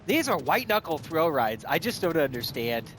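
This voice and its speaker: A man giving excited, casual commentary over his own gameplay, out of breath, laughing often and talking to himself as the action swings. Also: a little high, normal speed, background noise. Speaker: gaming streamer.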